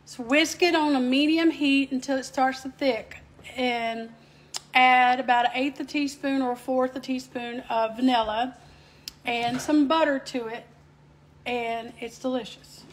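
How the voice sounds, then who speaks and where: Southern woman, high voice, homey cooking host, easy y'all-style chat. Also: steady tone, unhurried. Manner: homey, chatty, addresses viewers as y'all. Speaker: home cook host. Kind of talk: casual cooking demo.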